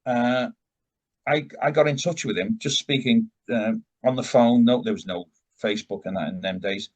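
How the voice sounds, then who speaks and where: A man's voice: mid-range voice, moderate pace, lo-fi sound. An older man, a rock vocalist, telling long rambling anecdotes as an interview guest, with frequent restarts and tangents. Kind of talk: casual storytelling interview.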